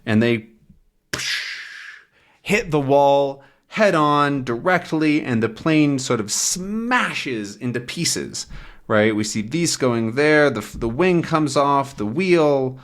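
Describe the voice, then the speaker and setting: Slow, animated man teaching English. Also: medium pitch. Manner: patient, checks in with "right?"; acts out sounds and voices. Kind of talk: explaining a comic for learners.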